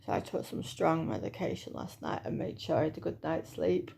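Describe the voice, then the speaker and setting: A woman in her thirties talks through a personal vlog update in a low voice. Her voice is strongly gravelly, full of vocal fry. She speaks in a chatty, hesitant way, with lots of fillers. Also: sing-song, a little fast, warm tone. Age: 30s. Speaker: vlogger.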